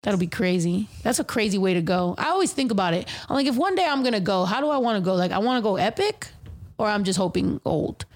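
A woman hosting a podcast in casual chat, telling stories in an animated, profane way full of slang. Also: mid-range voice, quick pace. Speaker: podcast host.

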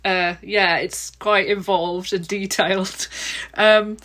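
A woman talks easily as a podcast guest, chatty and quick to laugh. Her voice sits at an ordinary middle pitch. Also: steady tone, a bit bright. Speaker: author and illustrator. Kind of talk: podcast interview.

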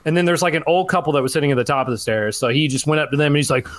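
Fast-talking, profane storyteller man. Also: on the high side. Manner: animated, profane, acts out quotes in raised voice. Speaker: podcast co-host. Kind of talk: casual chat, storytelling rant.

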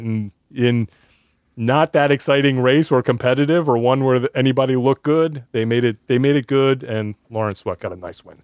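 A man's voice: normal speed, clean tone, dry recording, studio quality. A man co-hosting a casual chat, telling a story with lots of energy and jumping into other people's voices when he quotes them. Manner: animated storytelling, acts out quotes with raised pitch. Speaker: podcast co-host.

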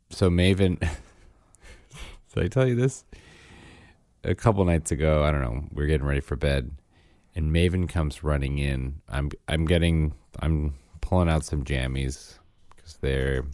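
A man's voice: a bass voice, measured pace, long pauses, dry recording, clean studio sound. A man in his thirties, a father chatting casually on a podcast and acting out his kids' lines in voices. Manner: animated storyteller, acts out his kids in voices. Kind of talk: casual chat.

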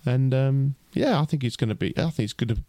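Talking fast in a mid-range, dark voice, this podcast co-host rambles through a casual chat, constantly restarting and using fillers. The recording is dry.

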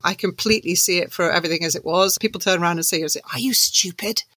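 Bright-voiced woman telling stories. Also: fairly low pitch, racing, no room sound. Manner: animated, laughs while telling anecdotes. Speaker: author and guest. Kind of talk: conversational storytelling.

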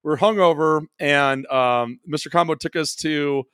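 A man with a slightly high voice rambles through a funny story for a chat podcast, often stumbling and restarting. The sound is very dry and close, with no room around it. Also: a little slow, fairly bright tone, clear, resonant tone, dry recording. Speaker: podcast co-host. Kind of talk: casual chat.

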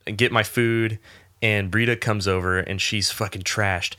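A man with a rather low, bright, forceful voice, chatting loosely and swearing freely. He rambles through a story with plenty of fillers and jumps higher and louder when he quotes people. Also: measured pace. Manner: laid-back storyteller, lots of fillers, swearing, animated when quoting. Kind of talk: casual chat, storytelling.

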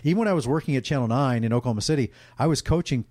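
A middle-aged sportscaster telling emotional, candid stories in a casual interview, rambling with restarts. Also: male voice, mid-range voice, very fast, darkish tone, no echo, clean studio sound. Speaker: guest, sportscaster.

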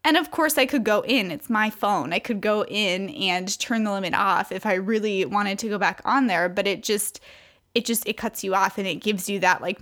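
Woman, young adult, Christian coach, casual, filler-heavy, middle pitch. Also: moderate pace, fairly bright tone. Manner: chatty, many fillers and restarts. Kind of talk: casual devotional talk to women.

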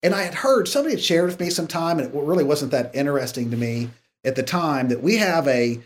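A man's voice: a little high, quick pace. A man who is a guest on a podcast, telling stories casually and acting out the dialogue. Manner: animated storyteller acting out dialogue. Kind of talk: casual interview storytelling.

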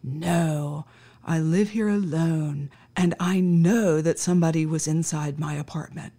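A woman putting on a dazed stoner surfer dude who drawls every word out slowly and lets his voice sink to a breathy half-whisper. He sounds dreamy and far off, a little lower than a usual woman's voice. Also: fairly even intonation, warm tone. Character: slow, spaced-out stoner surfer man. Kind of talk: storytelling impression.

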